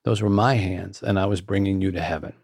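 A calm little girl's spirit in heaven, spoken by a man in his own voice. The tone is low, gravelly and unhurried. It is recorded dry and close. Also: no echo, exaggerated voice.

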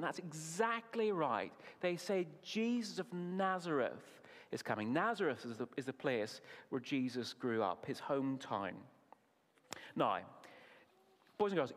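A man preaching at a family service, asking the children questions and praising their answers in an animated way. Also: fairly high pitch. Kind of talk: children's talk in a sermon. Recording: long reverb of a large hall.

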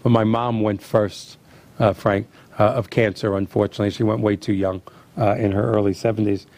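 Gravelly man telling animated stories. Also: lowish voice, brisk. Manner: animated storyteller acting out quotes. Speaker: host. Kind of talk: casual storytelling chat.

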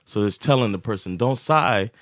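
A man's voice: fairly low pitch, moderate pace, no echo, studio quality. A man co-hosting a podcast, telling a story in casual chat and acting out the quotes with lots of laughter. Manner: animated, laughing storyteller who acts out quotes. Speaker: podcast co-host.

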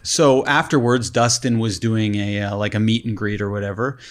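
A man telling a story on a podcast with a dry, deadpan delivery. He keeps his tone casual and shouts out the lines he quotes. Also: on the low side, normal speed. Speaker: podcast co-host.

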